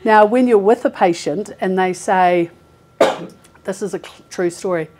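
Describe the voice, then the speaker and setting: A woman's voice: mid-range voice, a little slow, a little mellow, a little hiss or hum. A woman in her forties, a recruiter giving a chatty, informal talk to an audience, laughing often and using lots of fillers. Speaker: healthcare recruiter presenting. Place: meeting room with a live audience.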